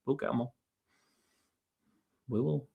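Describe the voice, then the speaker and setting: A man co-hosting a football fan podcast, excitable and hyping himself up in casual chat. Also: medium pitch, takes it slowly, vocal fry, breathy edge, phone-quality sound. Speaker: podcast co-host.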